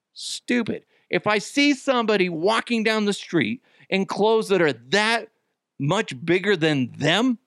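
A man hosting his own podcast alone, venting in a profane, exasperated rant that jumps into sudden yelling. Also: high voice, no room sound, studio quality. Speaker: podcast host. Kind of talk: solo ranting podcast.

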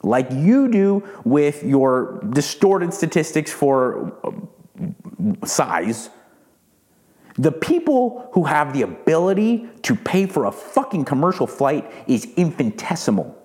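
A man's voice: on the high side, big pitch swings, takes it slowly, a little mellow. A man hosting his own podcast, ranting heatedly and cursing often, repeating words as he builds up steam. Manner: heated, profane, repeats words when worked up. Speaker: podcast host. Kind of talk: ranting monologue.

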